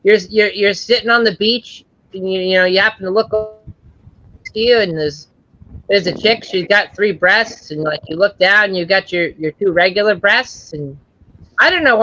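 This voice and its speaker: A man hosting a casual joking stream chat, rambling with many halting restarts. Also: high voice, bright, forceful tone, no echo, lo-fi sound.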